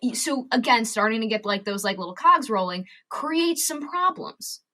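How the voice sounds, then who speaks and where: A young woman talking as a podcast guest in animated casual conversation, swearing freely and bursting into loud ranting voices. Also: on the high side, moderate pace.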